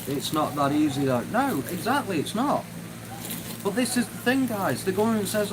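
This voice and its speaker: A man's voice: fairly high pitch, normal speed, noisy background. A man hosting a live stream, ranting angrily and swearing heavily as he reads and answers chat. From United Kingdom. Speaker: livestream host.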